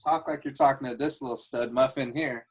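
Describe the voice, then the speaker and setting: Man, sales coach, upbeat, quick to laugh, headset, home video call. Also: medium pitch, steady tone, slightly rough. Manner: upbeat, laughs easily, restarts phrases.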